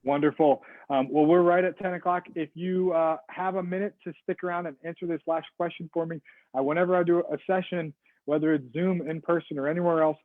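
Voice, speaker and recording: A man's voice: a little high, no room sound. A man giving a customer service talk over a video call, casual and rambling with fillers and restarts. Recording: dry, phone-like video call audio.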